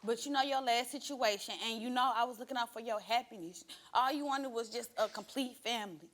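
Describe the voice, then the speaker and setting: A woman's voice: a little high, a little fast. A young woman appearing as a talk show guest, a reserved speaker defending herself to her friend. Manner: quiet and reserved, then raising her voice. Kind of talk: emotional talk show confrontation.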